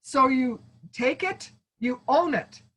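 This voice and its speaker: A woman's voice: sits high, slow, a bit bright, rough recording. A woman giving an online training talk as a speaking coach, encouraging and calling her listeners friends, acting out sample phrases. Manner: acts out sample phrases in asides. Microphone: video call.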